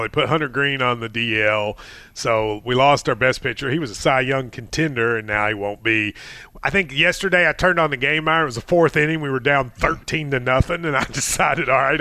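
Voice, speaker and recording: A man's voice: medium pitch, no echo. A man co-hosting a sports talk show, talking casually and playfully, arguing over picks with animation. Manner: animated, playful, quick to argue.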